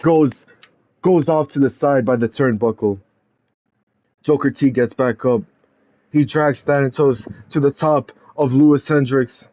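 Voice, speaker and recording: A man narrating a wrestling video game storyline in a dramatic play-by-play style, building to loud climaxes. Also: mid-range voice, measured pace.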